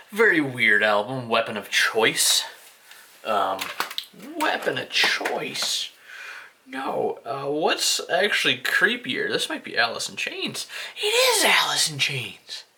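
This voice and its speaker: Slow, bright-voiced man rambling playfully. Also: medium pitch. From United States. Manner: rambling, self-mocking, with playful put-on voices. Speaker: vlogger showing his CD collection. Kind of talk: casual video commentary.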